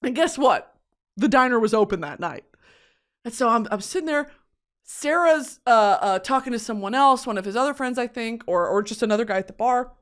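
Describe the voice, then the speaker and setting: A young woman with a Texan accent tells a comic story as a podcast host, swearing freely and breaking into laughter. Her voice sits fairly high and leaps around in pitch with lively energy. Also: brisk. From Texas. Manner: animated, profane, laughs often. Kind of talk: comedic storytelling.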